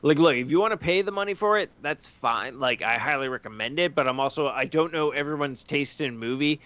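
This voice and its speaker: A man's voice: fairly high pitch, fairly quick, fairly bright tone, clean tone, no echo, muffled recording. A man hosting a casual podcast chat, talking animatedly and acting out his friends' reactions. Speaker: podcast host.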